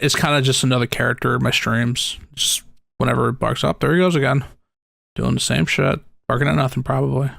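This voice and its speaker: A man hosts a casual podcast, rambling from one joke to the next and laughing often. His voice has a gravelly edge at an ordinary middle pitch, and the sound is dry and close to the mic. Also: a bit bright, no echo. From United States. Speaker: podcast host. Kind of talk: casual chat.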